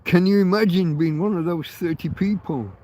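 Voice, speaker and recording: A man's voice: high voice, moderate pace, background noise. A man hosting a livestream, chatting in a rambling way with many fillers and restarts. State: laughing through tears. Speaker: livestream host. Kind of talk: rambling casual chat.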